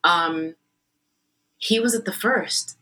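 A woman opera singer recounts her career in a relaxed interview. Her voice is bright and sits a little low, and she tells her stories with animation, slipping into other people's voices. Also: takes it slowly, poor audio. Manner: animated storyteller, acts out quoted voices. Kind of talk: conversational interview storytelling.

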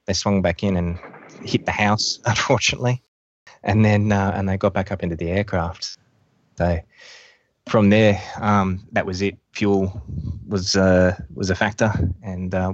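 Male pilot guest, deep monotone, muffled dry recording, hesitant storytelling. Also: no room sound. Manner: halting, many fillers and restarts. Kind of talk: recounting a rescue story. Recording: dull lo-fi dry sound.

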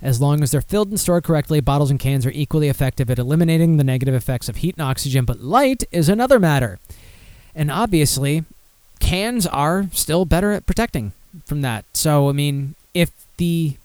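A man's voice: on the high side, lively intonation, brisk, a little mellow, no echo. A man casually hosting a beer podcast, rambling and swearing as he reads listener comments aloud. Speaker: podcast host.

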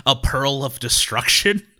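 A man co-hosting a podcast, chatting casually about tabletop adventures in a rambling, animated way full of filler words. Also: medium pitch, drawn-out words. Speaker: podcast co-host.

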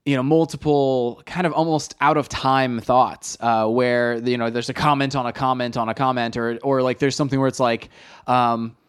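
A man's voice: mid-range voice, fairly even intonation, moderate pace, clean tone. A young adult man co-hosting a podcast, chatting enthusiastically and cracking jokes. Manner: enthusiastic, jokey, lots of fillers and restarts. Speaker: podcast co-host. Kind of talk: casual chat.

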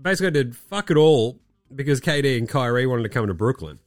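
A man's voice: mid-range voice, lively intonation, quick pace, no room sound. Sick male podcast host, sweary sarcastic ranter, dry close mic with faint music under. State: sick, coughing. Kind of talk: casual sports chat.

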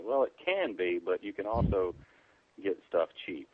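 Over a tinny phone line, an EMT guest on a preparedness podcast talks in a deep, easygoing voice with lively intonation. The recording is dry and close, without echo. His explanations are plain, and he leans on "um" and "you know" as he goes.

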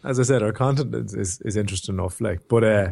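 A man's voice: fairly low pitch, fast talker, vocal fry, a little mellow, husky. A young man, chatting and joking on a podcast, rambling with lots of filler words. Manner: rambling, jokey, full of "like" and "um". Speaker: podcast co-host. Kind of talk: casual chat.

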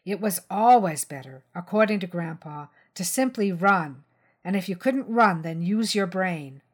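A woman's voice: fairly low pitch, measured pace. Woman narrating a tense crime story. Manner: tense, steady first-person narration. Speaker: story reader. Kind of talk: dramatic short-story reading.

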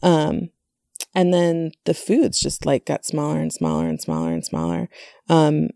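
A woman's voice: sits low, big pitch swings, a little slow, gravelly, warm tone, dry recording, clean studio sound. A woman hosting a casual conversation, chatty, with many fillers and asides.

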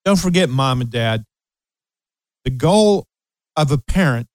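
A man's voice: medium pitch, expressive, a little slow, no room sound, low-quality recording. A man in his late sixties hosting an advice show, talking emphatically to parents and repeating key phrases. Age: 60s. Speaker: radio show host and coach. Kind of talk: advice talk with personal anecdote.

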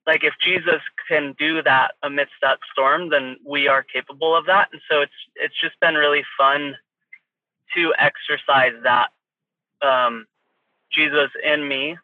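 Man, caller, earnest, fairly high pitch, flat tone, tinny phone sound. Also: measured pace, dry recording.

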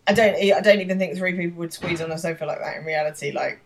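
A woman's voice: on the low side, quick pace. A woman co-hosting a podcast, recapping an episode in casual, chatty talk with some hesitant restarts. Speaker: podcast co-host.

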